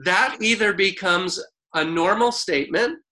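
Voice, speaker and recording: A man preaching a sermon in a relaxed, conversational way, reading scripture slowly and deliberately. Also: sits high, poor audio. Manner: unhurried, conversational preaching with a few restarts. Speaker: pastor.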